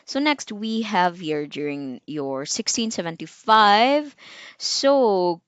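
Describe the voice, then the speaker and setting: A woman's voice: mid-range voice, sing-song, slow, smooth, no room sound. A young woman teacher with a Filipino accent, giving a recorded lecture in a chatty way, full of fillers and asides, and quizzing her students as she goes. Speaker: medical technology teacher.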